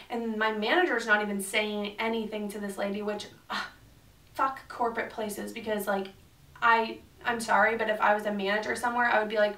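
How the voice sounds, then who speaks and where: A woman's voice: medium pitch, moderate pace, far from the mic. A young woman telling a storytime vlog in a chatty way, swearing often and acting out what people said. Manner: chatty, swears a lot, animated retelling. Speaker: beauty vlogger. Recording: roomy echo, voice a bit off-mic.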